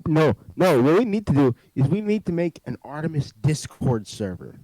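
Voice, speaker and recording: Playful man, high voice, wide swooping pitch, casual podcast chat. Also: moderate pace, rough recording. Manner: animated, joking, playful. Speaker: podcast co-host.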